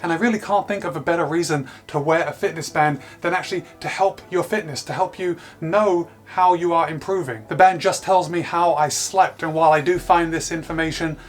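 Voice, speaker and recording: Young male tech vlogger, high-pitched voice, upbeat and chatty, hams up moods for demos. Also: fairly bright tone. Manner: upbeat, chatty, dramatizes moods when demonstrating. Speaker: tech reviewer. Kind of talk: product review vlog.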